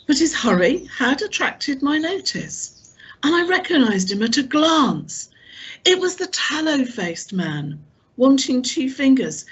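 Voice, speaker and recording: A woman reads a novel aloud in slow, measured audiobook narration. Her husky voice rises and falls in a lively way. The recording is dull and lo-fi. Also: on the high side. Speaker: audiobook reader.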